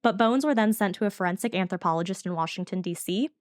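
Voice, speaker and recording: A podcast co-host with a mid-range voice rattles through a true-crime case from her notes, fast, chatty, and casual. The studio sound is clean with no echo.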